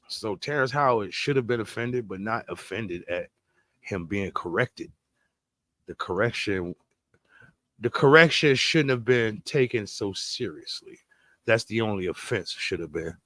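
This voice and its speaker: A young man co-hosting a podcast, talking in a casual, profane way and swinging between loud bursts and low mutters. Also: normal speed, no echo, studio quality. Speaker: podcast co-host.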